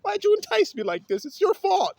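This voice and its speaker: A man's voice: very high-pitched, huge pitch swings, a little fast, gravelly, a little mellow, a little hiss or hum, pitched above the performer's own voice, exaggerated voice. A man voicing a panicky child who blames a cookie for getting caught, in a squealing, self-pitying voice. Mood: panicked whining.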